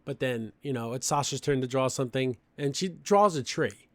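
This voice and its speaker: A man's voice: mid-range voice, lively intonation, moderate pace, no echo. A young man hosting a podcast, recapping a cartoon episode in a chatty, opinionated way with lots of fillers. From Mexican family background. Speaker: podcast host.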